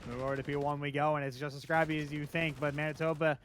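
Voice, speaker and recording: A man calling play-by-play for a video game match, getting louder and quicker in the big moments. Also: fairly high pitch. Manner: fast, excitable, rising in big moments. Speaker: esports caster. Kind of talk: play-by-play commentary. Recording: noisy game audio behind.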